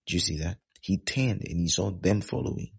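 A male pastor preaches a sermon in a very low, gravelly and husky voice. He repeats his points and keeps asking whether his listeners are following. The recording sounds dull and lo-fi. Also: expressive, brisk.

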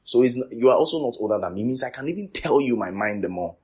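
A man's voice: medium pitch, animated, quick pace, slightly rough. A man preaching a sermon to trainee teachers, emphatic and repetitive, dropping to near whispers and rising again. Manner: repetitive, emphatic, swings from loud to quiet.

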